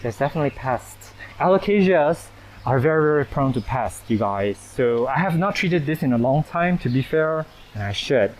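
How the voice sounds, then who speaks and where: A man with a mid-range voice gives a casual walkthrough of his houseplants, chatty and self-deprecating and quick to laugh. He moves around with a handheld camera, and a faint hum of ambience sits behind him. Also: mid-range voice, lively intonation, poor audio. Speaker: plant channel host. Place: indoor plant collection and nursery.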